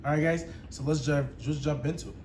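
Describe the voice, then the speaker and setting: A man's voice: on the high side, fairly even intonation, quick pace, slight background noise. Hyped guy hosting a reaction video. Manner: hyped, chatty, laughs loudly. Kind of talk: casual chat to viewers.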